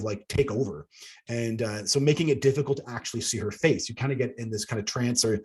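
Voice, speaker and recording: A man's voice: medium pitch, darkish tone, breathy edge. A man reading aloud from his own book about alien contact, earnest, with casual asides to the audience. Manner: earnest, breaks into laughs at himself. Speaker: author.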